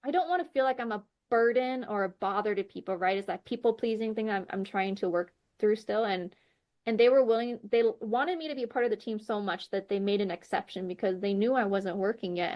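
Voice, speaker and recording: A woman's voice: mid-range voice, a little fast, dull audio. A woman sharing a personal faith testimony as a podcast guest. She talks earnestly with lots of fillers and acts out the dialogue she recounts. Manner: animated storyteller who acts out quoted dialogue; heavy use of "like" and "you know" fillers.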